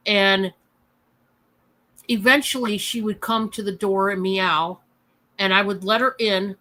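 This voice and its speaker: A woman's voice: mid-range voice, steady tone, measured pace, pushed and bright, poor audio. A woman hosting her own livestream at home, telling a personal story in a rambling, heartfelt way with lots of fillers and restarts. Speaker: channel host.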